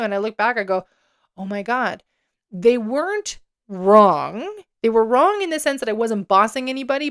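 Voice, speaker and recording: A woman's voice: mid-range voice, a bit bright, smooth. A woman hosting an unscripted solo podcast. She talks candidly and emphatically, swears freely and often breaks into laughter. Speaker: podcast host.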